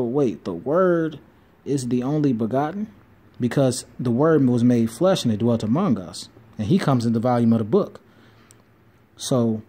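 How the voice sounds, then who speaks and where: A man in an informal bible teaching video, reading scripture slowly and deliberately before breaking into eager explanation. He corrects himself often and throws in quick asides. His voice sits at an ordinary middle pitch for a man. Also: breathy edge. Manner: reads verses slowly then explains them excitedly, with asides and self-corrections.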